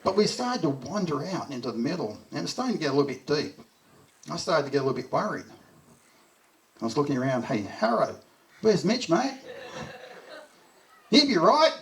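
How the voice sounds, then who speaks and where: A middle-aged Australian man giving a heartfelt memorial speech, telling fond stories and chuckling as he goes. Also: on the high side. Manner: heartfelt storytelling, chuckles through anecdotes. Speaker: eulogy speaker. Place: memorial gathering. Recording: voice distant from the mic.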